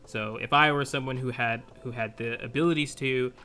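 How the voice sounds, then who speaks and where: Bright-voiced male co-host thinking aloud. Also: medium pitch, steady tone, moderate pace. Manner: thinks aloud with restarts, explains opinions. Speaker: podcast co-host. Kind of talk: casual chat.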